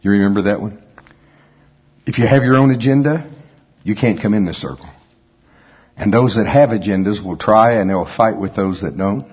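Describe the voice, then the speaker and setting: A man preaching a sermon in a folksy, conversational way, breaking off into quick asides. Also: lowish voice, husky, dull audio. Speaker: pastor.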